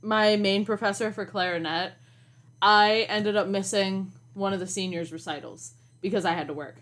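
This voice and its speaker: A young woman tells a college story on a podcast in a loose, casual way. She sounds exasperated and animated, and she swears and laughs as she goes. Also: mid-range voice, moderate pace. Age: young adult. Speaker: podcast co-host.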